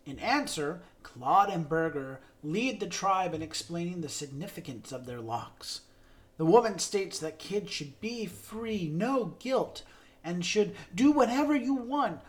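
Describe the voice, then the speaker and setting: A man co-hosting a podcast, giving a steady scripted reading of credits and a show synopsis. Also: high-pitched, unhurried. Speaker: podcast co-host.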